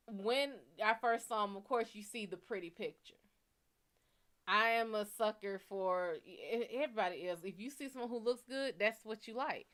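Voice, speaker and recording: Candid and profane, a woman who hosts a live show as a psychic reader tells an animated dating story, voicing each quoted line. Her voice is mid-range and clean, delivered at normal speed.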